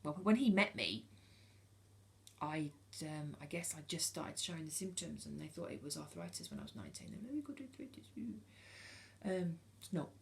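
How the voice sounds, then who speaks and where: With a low, gravelly voice that swings widely in pitch, a British woman in her forties vlogs to camera at a fairly quick clip. Her talk is candid, sincere and informal, peppered with ums and restarts.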